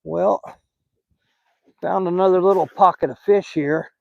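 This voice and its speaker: A man's voice: high-pitched, steady tone, measured pace, creaky, no room sound, muffled recording. An older man with a Southern accent, hosting a live fishing stream from a boat and chatting in a rambling, folksy way. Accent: Southern American. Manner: rambling, folksy, talks to fish and viewers. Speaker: fishing channel host. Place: small boat on a lake, outdoors. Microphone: phone.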